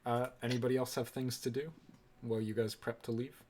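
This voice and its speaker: A man's voice: mid-range voice, fairly quick. Man running a tabletop game. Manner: relaxed, with frequent ums and uhs. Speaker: dungeon master.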